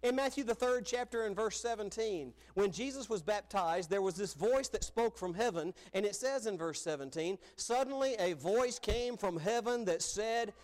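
A middle-aged man preaching a sermon, telling stories earnestly and dropping soft on key phrases. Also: sits high, expressive, normal speed, hardly any pauses.

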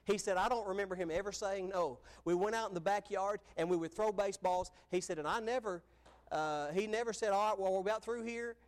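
Earnest high-voiced male preacher. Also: brisk. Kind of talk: sermon.

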